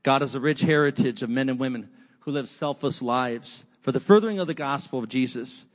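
A man's voice: mid-range voice, brisk. A man preaching a sermon, with repetitive rhetorical lists and casual conversational asides. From United States. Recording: long hall reverb.

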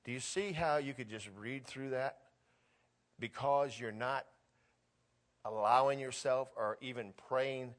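A middle-aged man preaching a sermon, telling a family story and reading scripture aloud with growing excitement. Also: medium pitch, a little slow, long pauses. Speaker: pastor.

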